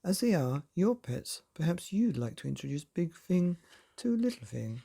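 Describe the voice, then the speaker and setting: A man's voice: fairly high pitch, sing-song, moderate pace, vocal fry, mellow, husky, pitched above the performer's own voice, full character voice. A man voicing a gushing, prim middle-aged mother in a bedtime story, effusive and fussy.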